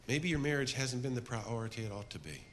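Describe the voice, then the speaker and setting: A middle-aged man preaching a sermon to a men's group, telling stories with energy and then dropping to a soft, earnest appeal. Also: mid-range voice, sing-song, fast talker, slight background noise. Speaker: men's ministry speaker.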